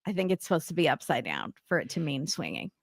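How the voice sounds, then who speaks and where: A woman co-hosting a casual chat about a reality show, laughing often and tossing in quick joking asides. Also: deep voice, big pitch swings, no echo, clean studio sound.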